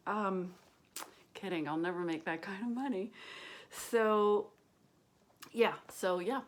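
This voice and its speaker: A woman's voice: medium pitch, slow, long pauses. Woman stand-up comic, casual question-and-answer chat, rambling, bawdy, lots of ums, drops into whispered asides, home kitchen. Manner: rambling and crude, with many fillers and whispered asides. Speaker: stand-up comedian.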